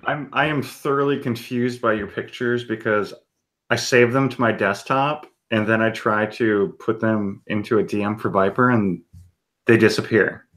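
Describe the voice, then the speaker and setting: A man's voice: fairly low pitch, steady tone, moderate pace, a bit bright. A man hosting a casual stream chat, with a wry, dry wit. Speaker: stream host.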